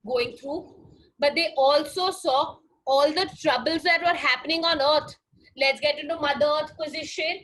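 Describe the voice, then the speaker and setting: A woman telling a story to children and leading them through yoga poses in an animated way. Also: sits high, recorded from a distance, poor audio.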